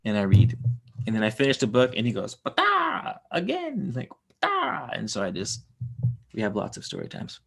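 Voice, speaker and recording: A man's voice: on the low side, steady tone, fairly quick, darkish tone. Casual rambling young guy reading aloud. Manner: rambling, swears casually, jokes aside between reading. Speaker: streamer reading aloud and reacting to chat. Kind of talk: casual live-stream reading and chat.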